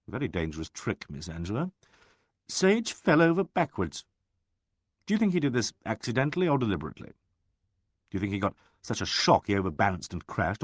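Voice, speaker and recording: A wry gentleman detective, read by a man, dry and ironic in his questioning. His voice is close and dry, with lively pitch movement. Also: dry recording.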